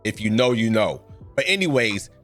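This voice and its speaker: A man's voice: fairly low pitch, sing-song, moderate pace, a bit bright, faint music behind. A man hosting a reaction video, talking casually and often breaking into exclamations. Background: show audio playing.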